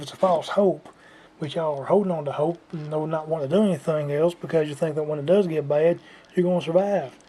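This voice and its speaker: A man's voice: a little high, warm tone, slight background noise. A man delivering an unscripted, repetitive lecturing rant to his viewers. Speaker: vlogger. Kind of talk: unscripted ranting monologue.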